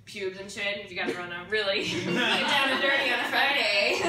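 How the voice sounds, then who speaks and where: A woman's voice: medium pitch, steady tone, normal speed, reverberant, distant mic, noisy background. A woman doing a stand-up set, brash and laughing at her own jokes. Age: 20s. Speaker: stand-up comedian. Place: comedy club stage. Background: audience laughter.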